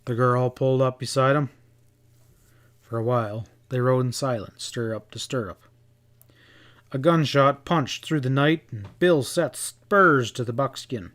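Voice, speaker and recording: A man reading a western novel aloud as an audiobook narrator, steady and dramatic. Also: mid-range voice, a little slow.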